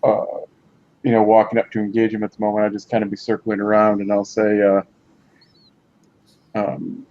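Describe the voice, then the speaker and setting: A man's voice: on the low side, completely flat delivery, moderate pace, long pauses, darkish tone, dull audio. A man playing a tabletop game, thinking aloud hesitantly with many fillers. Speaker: player.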